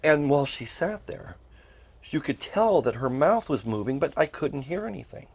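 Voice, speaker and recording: A man's voice: a little high, very animated, moderate pace, vocal fry, darkish tone, no room sound. A middle-aged man telling a personal story with emotion, earnestly repeating phrases and rising into pleading.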